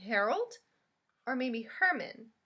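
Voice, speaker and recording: A woman's voice: on the high side, sing-song, slow pace, bright, forceful tone, full character voice. Woman voicing a polite little porcupine. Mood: curious. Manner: polite, questioning. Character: polite shy male porcupine, gentle and curious. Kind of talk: picture book read-aloud.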